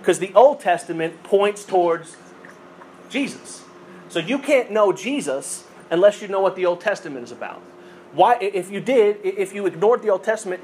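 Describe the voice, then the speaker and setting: A man preaching in a conversational teaching style, with a voice pitched a little high for a man. He often repeats phrases and corrects himself mid-sentence. Faint ambient noise sits under the recording. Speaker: pastor. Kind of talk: sermon.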